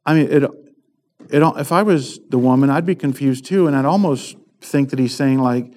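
A man teaching from the Bible in an unscripted sermon style, pausing often with ums and restarting his sentences. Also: mid-range voice, a little mellow. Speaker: preacher.

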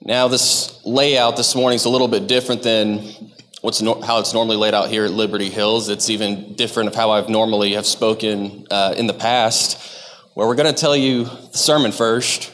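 A man's voice: on the low side, fairly even intonation, normal speed, fairly bright tone, in a large hall. A man from Texas, giving a sermon to his church in a conversational, self-deprecating way, often stopping and restarting his sentences. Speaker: lay preacher. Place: church sanctuary.

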